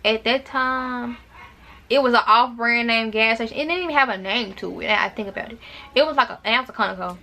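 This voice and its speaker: A woman's voice: a little high, quick pace, pushed and bright. A young woman from Arkansas, telling a dramatic storytime to her viewers in casual chat, with repeated words and asides. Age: young adult. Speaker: vlogger.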